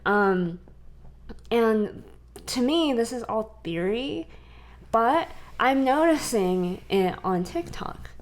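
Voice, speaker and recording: A young adult woman from the US West Coast, co-hosting a podcast in casual chat, animated and laughing between points. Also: on the high side, slow. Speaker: podcast co-host.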